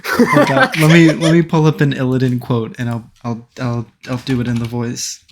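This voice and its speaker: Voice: mid-range voice, moderate pace, heavy background noise. A podcast co-host in casual chat. The talk sounds exasperated and often trails off mid-thought.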